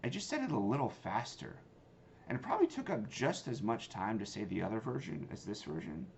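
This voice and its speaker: Gravelly low-voiced sales coach. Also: male voice, sing-song, fairly quick. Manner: casual, emphatic, conversational. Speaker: sales trainer and company founder. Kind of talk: instructional talk with demo lines. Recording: slightly dull lo-fi sound, faint noise.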